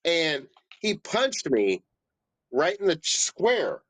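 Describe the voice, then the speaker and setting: A man's voice: a little high, huge pitch swings, slow, fairly bright tone, no room sound. A man in his thirties telling a story in casual chat, full of "you know" fillers. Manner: loose storytelling with many fillers. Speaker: stream co-host.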